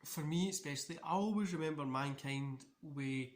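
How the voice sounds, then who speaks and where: A man's voice: fairly high pitch, moderate pace. A man hosting a casual wrestling watch-along, talking in a loose, rambling way. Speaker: wrestling channel host. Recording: echoey room.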